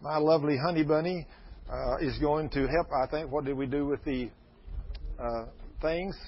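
On a dull lo-fi recording, a man in his sixties delivers a sermon, his voice on the high side with a breathy edge and a moderate pace. He's folksy and emphatic with the congregation and drifts into fervent prayer.

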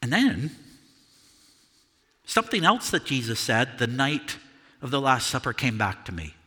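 In a church sanctuary with long reverb, a monologue performer gives a first-person portrayal of Apostle Peter, a remorseful fisherman telling of his denial during a service. His voice is bright, forceful, medium-pitched, sing-song and slightly rough, a full character voice. The mood is despondent, and he stays earnest and confessional, stumbling and repeating words.

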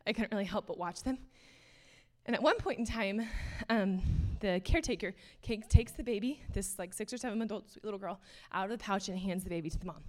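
A woman's voice: medium pitch, a little fast. A young adult woman giving an earnest, casual sermon, full of fillers and passing laughs. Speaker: speaker.

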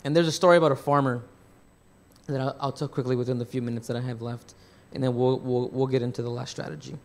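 A male pastor preaching a sermon, telling stories with big swings between loud and hushed, often repeating words as he restarts. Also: medium pitch, fast talker. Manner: animated storytelling with big swings in loudness.

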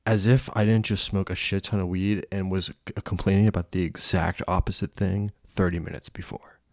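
Young male podcaster, deep voice, rambling and self-mocking, crude. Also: level tone, a little fast, darkish tone, dry recording, studio quality. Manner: rambling and self-deprecating, swears often. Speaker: podcast host. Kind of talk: casual solo podcast monologue.

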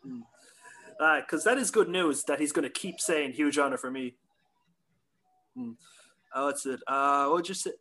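Male host, casual chat, loose and profane, slightly raised pitch. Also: normal speed, long pauses, bright, forceful tone. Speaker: podcast host. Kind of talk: casual podcast interview.

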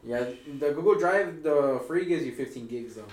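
A man with a slightly high voice talks in loose slang with plenty of swearing as he co-hosts a podcast. He sounds echoey, with a faint noise under him. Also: lively intonation, normal speed, a little mellow. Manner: slangy, profane, says bruh a lot. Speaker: podcast co-host. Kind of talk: casual chat.

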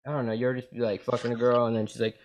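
A man's voice: mid-range voice, flat delivery, quick pace, darkish tone. A young man hosting a podcast, chatting in a crude, rambling way and calling his guest bro and dude. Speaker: podcast host. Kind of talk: casual chat.

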